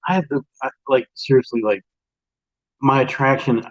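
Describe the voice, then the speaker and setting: A man's voice: mid-range voice, normal speed. A man co-hosting a casual late-night chat show, rambling and laughing often. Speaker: podcast co-host. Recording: lo-fi dull sound.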